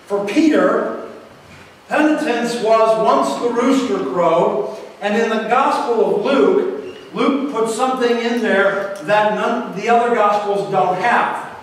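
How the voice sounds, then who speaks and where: Male pastor, sermon, high voice, long church reverb, faint room hum, rhetorical questions. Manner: unhurried, dramatic pauses, rhetorical questions. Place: church sanctuary. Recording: echoey hall from far off.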